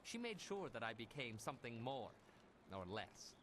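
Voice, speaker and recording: An actor playing a henpecked middle-aged ex-fighter turned bun maker, wry and self-pitying in a game. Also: male voice, medium pitch, big pitch swings, normal speed, a bit bright. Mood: rueful. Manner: wry, self-pitying, proud of small things. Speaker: game character.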